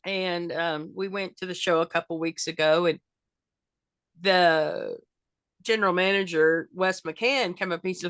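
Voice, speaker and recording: A woman's voice: fairly low pitch, steady tone, normal speed, a bit bright, dry recording. An older woman from Arkansas, chatting folksy and laughing as she tells wrestling stories in an interview. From Arkansas, USA. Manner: chatty, folksy, laughs often, acts out quotes. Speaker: wrestling fan character, guest. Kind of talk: casual storytelling interview.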